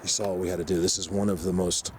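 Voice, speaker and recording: A man hosting an outdoor vlog, rambling excitedly with many fillers as he walks through a mountain forest. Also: sits low, quick pace, a little hiss or hum. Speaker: vlog host exploring the outdoors. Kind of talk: casual walking vlog commentary.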